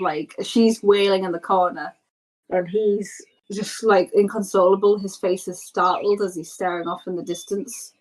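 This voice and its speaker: A woman's voice: mid-range voice, poor audio. A woman game master narrating a tabletop role-play scene in a loose, descriptive way with many fillers.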